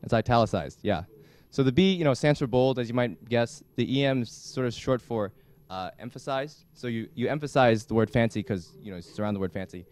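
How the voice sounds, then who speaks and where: A young man giving a classroom lecture as a student instructor, talking in a halting way with many restarts. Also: medium pitch, darkish tone. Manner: halting, frequent restarts and fillers. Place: lecture hall.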